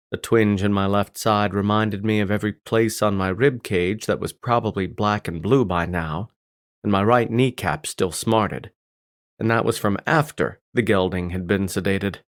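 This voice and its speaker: A man narrating a first-person audiobook in a gruff, irritated tone. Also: fairly low pitch, normal speed, dry recording, clean studio sound.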